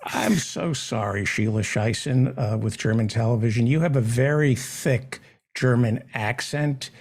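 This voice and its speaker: A man hosting a comedy show, delivering a sarcastic, deadpan satirical monologue. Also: medium pitch, a little slow. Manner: sarcastic, deadpan jokes with mock questions.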